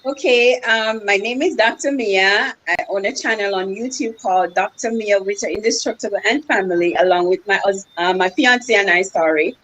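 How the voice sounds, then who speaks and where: A woman guest on a live talk show introducing herself in a relaxed, slightly halting way. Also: medium pitch, poor audio.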